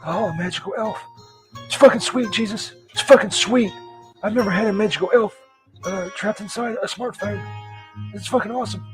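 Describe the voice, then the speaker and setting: A man playing a dim, foul-mouthed Saint Peter in a comedy sketch, who is baffled and then cusses in a high, yelling voice. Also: fairly quick, faint music behind, natural voice. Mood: confused. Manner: bewildered, then explodes into profane rage.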